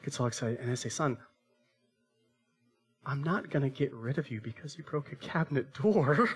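A man's voice: mid-range voice, expressive, normal speed, long pauses, breathy edge. A man in his thirties preaching a sermon as pastor, telling a family story with acted-out voices and asking the congregation rhetorical questions.

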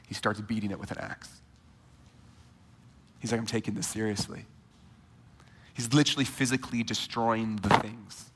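A man in his thirties preaching a sermon to a church congregation in a conversational, animated way, speaking straight to his listeners. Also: medium pitch, big-room sound. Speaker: pastor. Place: church sanctuary.

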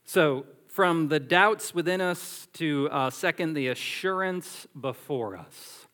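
A man preaching a sermon as pastor, animated and emphatic, drawing on everyday illustrations. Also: a little high, slow pace, long reverb tail.

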